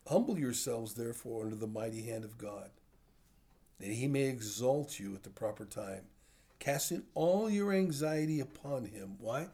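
An older man giving a sermon to a small group, talking in a plain, middle-pitched voice. He teaches conversationally and keeps checking in with questions for his listeners. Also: lively intonation, moderate pace, dark tone. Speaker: pastor.

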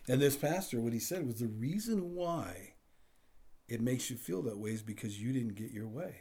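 A male pastor delivers a chatty, storytelling sermon, slipping into acted-out exchanges and chuckling as he goes. His voice is a little husky. His pitch moves a lot, swinging up and down through every phrase. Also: normal speed. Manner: animated storytelling with acted-out dialogue and laughter. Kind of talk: conversational sermon.

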